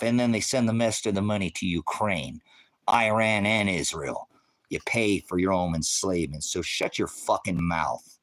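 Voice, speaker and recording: A middle-aged man hosts a livestream, his medium-pitched voice a bit bright. He rants heatedly and profanely, confronting and lecturing his viewers and the chat directly.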